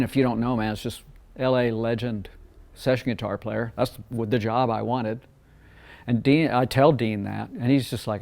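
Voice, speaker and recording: Brief: older Mississippi-raised producer, relaxed and chatty, medium voice, slips into quoting others. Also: male voice, medium pitch, creaky. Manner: relaxed, rambling, acts out quoted dialogue. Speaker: record producer and former session guitarist. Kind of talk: casual interview storytelling.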